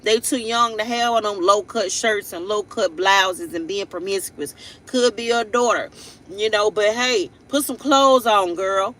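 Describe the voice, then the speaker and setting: A woman's voice: fairly high pitch, fairly bright tone, poor audio. A woman hosting a casual live tarot reading. She rambles in a blunt, playful way, with laughing asides and frequent tag questions. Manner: blunt and playful, with slangy everyday speech. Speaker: tarot reader and live-stream host.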